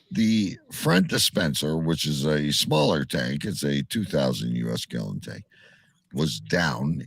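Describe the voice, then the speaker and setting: A middle-aged man co-hosting a casual chat, telling animated stories and swearing freely. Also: extremely low pitch, gravelly, husky, no room sound.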